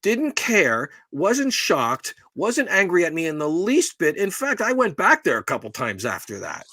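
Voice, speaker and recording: A man's voice: high-pitched, huge pitch swings, a little slow, pushed and bright, no room sound. A middle-aged man co-hosting a podcast, telling a rambling, profane, self-deprecating story in casual chat. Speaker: podcast co-host.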